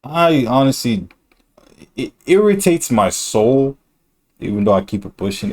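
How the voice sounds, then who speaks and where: A man's voice: medium pitch, lively intonation, measured pace, darkish tone. A male streamer talking in a rambling, slangy and blunt way during a casual reaction stream.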